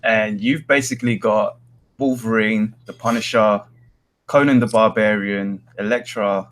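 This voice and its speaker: A man's voice: on the low side, steady tone, unhurried, a bit bright. A man, co-hosting a casual comics chat and talking hesitantly, with many ums and restarts. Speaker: podcast co-host.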